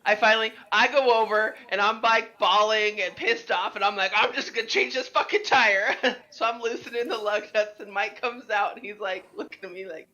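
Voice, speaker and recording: A young woman co-hosting a casual podcast, telling a story with lots of swearing and animated delivery. Her voice is bright and forceful. The recording sounds dull and lo-fi. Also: medium pitch, moderate pace, hardly any pauses. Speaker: podcast co-host. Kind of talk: casual chat.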